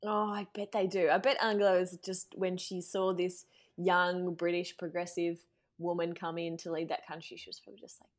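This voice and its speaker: A woman's voice: fairly low pitch, little pitch movement, moderate pace. Enthusiastic, slangy woman. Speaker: podcast co-host. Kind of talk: casual comedy chat.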